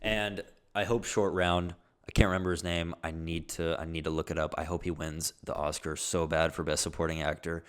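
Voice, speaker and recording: A deep-voiced young man talks through his movie picks in a casual vlog. He's excitable and gushing, and he drops swear words freely as he goes. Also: fairly quick, clear, resonant tone. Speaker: movie vlogger.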